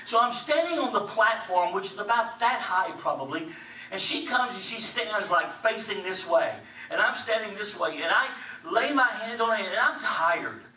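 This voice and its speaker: Bright-voiced preacher in an echoey hall. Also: male voice, high-pitched, moderate pace. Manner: animated storytelling. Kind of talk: sermon. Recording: echoey hall, distant mic, faint hiss.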